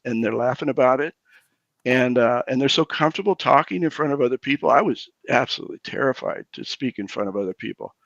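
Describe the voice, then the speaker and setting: A man's voice: mid-range voice, vocal fry, a bit bright, no echo, highs cut off. A pastor in his sixties telling his own recovery story candidly, often stumbling and restarting his words. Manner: halting, repeats words as he restarts.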